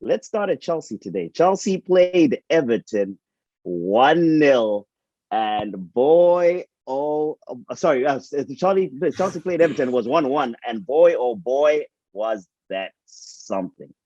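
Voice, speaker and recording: A man's voice: medium pitch, big pitch swings, slow, dark tone, no echo, muffled recording. A man co-hosting a football show, chatting casually and repeating words as he thinks. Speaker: co-host.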